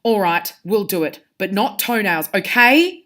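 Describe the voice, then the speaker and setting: An indignant teenage boy wizard from a storybook reading, as a woman puts him on. He exclaims and protests, jumping up into higher, louder bursts when outraged. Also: moderate pace, natural voice. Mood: grudging.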